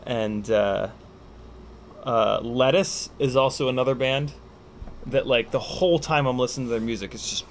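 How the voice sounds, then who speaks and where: A man's voice: medium pitch, moderate pace, a little hiss or hum. A man hosting a casual livestream Q&A, joking, swearing and rambling with lots of fillers while he reads out viewer questions. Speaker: livestream host.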